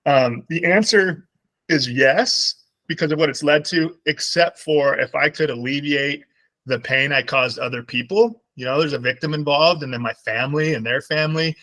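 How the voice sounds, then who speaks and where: A man's voice: fairly high pitch, moderate pace, sharp tone, rough recording. A man speaking as guest on a video call, telling a heartfelt personal story in a reflective way. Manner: heartfelt, reflective, quotes himself and others.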